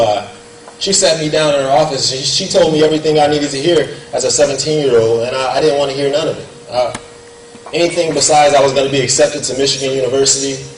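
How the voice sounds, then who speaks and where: A young man giving an earnest, conversational storytelling speech at a gala in a banquet hall. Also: medium pitch. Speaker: guest speaker. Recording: echoey hall heard from far off, faint room noise.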